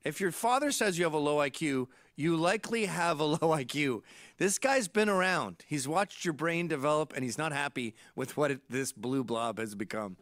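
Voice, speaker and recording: A man's voice: on the high side, normal speed, dry recording. A man in his late forties, from Canada, telling irreverent comic stories in a podcast monologue. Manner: irreverent, animated storytelling. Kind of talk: comedic monologue.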